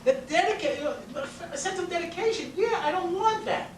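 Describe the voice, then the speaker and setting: A man's voice: very high voice, expressive, fairly quick. A man from Long Island, New York, giving a storytelling lecture as a rabbi and educator, constantly checking in with his listeners. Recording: roomy, distant mic with faint noise.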